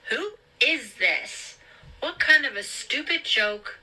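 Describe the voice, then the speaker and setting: A woman's voice: mid-range voice, animated, measured pace, sharp tone, rough recording. A woman voicing a small, stubborn teenage girl who sounds tense and indignant. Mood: alarmed.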